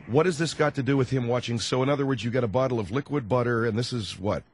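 A man's voice: mid-range voice, fast talker. A man hosting a call-in radio show, interrupting his caller with incredulous questions. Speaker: radio talk show host.

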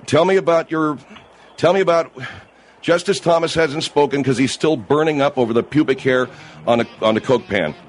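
A man hosting a comic radio call-in show, exasperated and incredulous. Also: on the high side. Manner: exasperated, incredulous, quick-tempered.

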